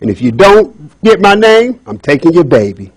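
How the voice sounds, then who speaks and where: A sly, ugly storybook elf, voiced by a man as he tells the tale. He talks sternly and demandingly, with a voice dropped a bit lower. Everything he says is a hard bargain. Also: big pitch swings, moderate pace, no room sound.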